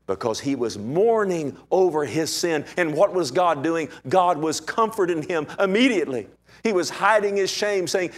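A man preaching a sermon, acting out the scenes he retells, with big swings between high, loud cries and low, hushed lines. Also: lively intonation, normal speed. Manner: dramatic, acts out quotes with big swings in pitch and loudness. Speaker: pastor.

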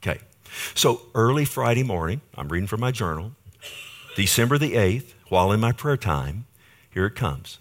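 A man's voice: normal speed, slight background noise. A middle-aged male pastor preaching a sermon, telling a personal story and acting out the voices of people he quotes. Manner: storytelling, quoting others with lively swings of pitch and volume.

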